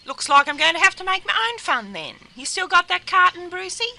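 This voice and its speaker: A man putting on a shrill cheeky Aussie woman. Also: big pitch swings, a little fast, gravelly, bright, forceful tone, heavily acted. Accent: Australian.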